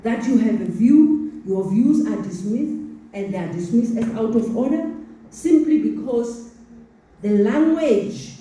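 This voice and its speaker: Slow, dark-voiced woman with Sepedi accent. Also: a little high, expressive, a little hiss or hum. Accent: Sepedi-accented South African English. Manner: earnest, with stumbling repeated words. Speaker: conference speaker. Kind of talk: formal address to a student audience. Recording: echoey hall, voice from far off the mic.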